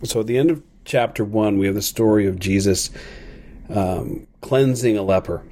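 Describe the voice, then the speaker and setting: Mellow, husky man giving a devotion. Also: fairly low pitch. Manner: earnest, thoughtful, unhurried. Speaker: podcast host giving a daily devotion. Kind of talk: reflective devotional talk.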